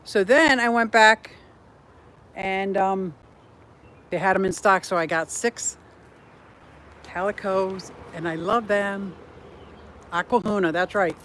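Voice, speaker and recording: A woman's voice: mid-range voice, slow, pauses often, fairly bright tone, slight background noise. A woman hosting a casual home tour vlog about her fish and pets, chatty and giggly, talking to her animals and viewers while walking around a house and yard. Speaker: fish keeping channel host.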